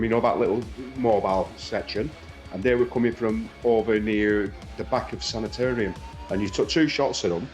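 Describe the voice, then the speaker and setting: A man telling a gaming story in casual chat, excitable and stammering. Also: fairly low pitch. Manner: excitable, stammering, many yeahs.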